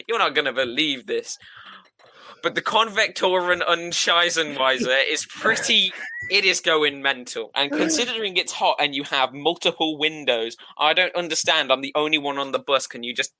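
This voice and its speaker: A man co-hosting a podcast, improvising a comedy sketch and chatting in an excitable, flustered way, laughing often. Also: a little high, moderate pace, no echo. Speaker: podcast co-host.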